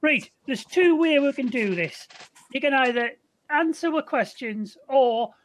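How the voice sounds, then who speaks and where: A man's voice: very high-pitched, expressive, unhurried. An older man playing a tabletop roleplaying game with friends, talking in a bossy, brash and joking way. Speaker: player. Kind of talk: casual tabletop game play.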